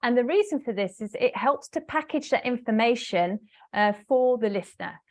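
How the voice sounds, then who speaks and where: Woman trainer on a webinar, kinda high voice, lots of ums, explains stuff slowly and clearly. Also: lively intonation. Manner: hesitant fillers, explanatory, talks to a live audience. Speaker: business English trainer. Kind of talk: online webinar teaching.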